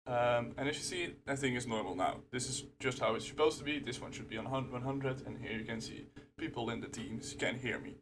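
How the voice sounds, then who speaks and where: A man talks into his desktop microphone in a casual screen-recorded rant. His voice sits in a middle pitch, and it turns frustrated and loud as his temper rises. A faint hiss of room noise stays behind him. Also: fairly quick, few pauses. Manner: frustrated, grows louder and emotional. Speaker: software user ranting. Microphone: desktop computer microphone.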